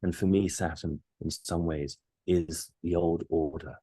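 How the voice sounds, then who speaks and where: A man with a very low, husky voice talks earnestly about big ideas, pressing each point with emphasis. His tone is dark and mellow. The sound is dry and close. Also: fairly even intonation, a little slow, no room sound. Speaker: resident astrologer. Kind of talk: casual chat.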